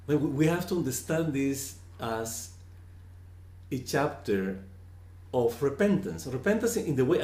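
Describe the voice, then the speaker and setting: A man speaks slowly and earnestly, teaching on scripture with a lively, rising and falling voice. He often repeats words as he presses a point. The room gives his voice a noticeable echo. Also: mid-range voice. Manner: slow, earnest, repeats words when emphatic. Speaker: spiritual teacher.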